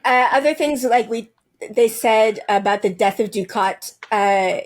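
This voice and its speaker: A woman's voice: a little high, measured pace. A woman co-hosting a podcast, speaking hesitantly with many fillers in casual chat. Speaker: podcast co-host.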